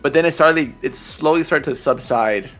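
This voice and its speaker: A man's voice: a little high, moderate pace, soft background music. A man chatting casually about role-play voices, laid-back and self-deprecating. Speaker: voice role-player. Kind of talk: casual group chat.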